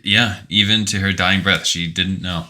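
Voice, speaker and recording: A man with a low voice that still has a bright, sharp edge chats as a podcast co-host. He agrees readily and sounds sympathetic, and he stumbles over his opening words. The talk is loose and casual. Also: steady tone, normal speed. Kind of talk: casual chat about a video game.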